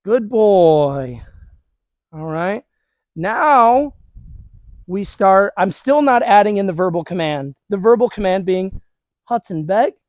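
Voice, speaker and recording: A man with a notably high voice talks viewers through a training session, casual and encouraging as he works with a dog. He is recorded outdoors with a dry, close sound and no room echo. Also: animated, measured pace. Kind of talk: hands-on training demonstration.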